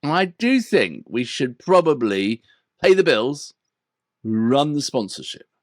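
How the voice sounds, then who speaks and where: An English man co-hosting a casual chat, teasing his partner with dry humour. His pitch moves up and down a lot, and the sound is close and dry. His voice sits at an ordinary middle pitch. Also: very animated, takes it slowly, no echo. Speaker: co-host of a music reaction channel.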